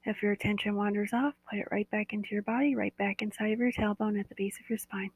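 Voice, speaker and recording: A woman's voice: medium pitch, flat delivery, quick pace, husky, no echo, rough recording. A woman who leads a guided body-awareness meditation live, talking in a soothing, coaxing way and often repeating "that's right.".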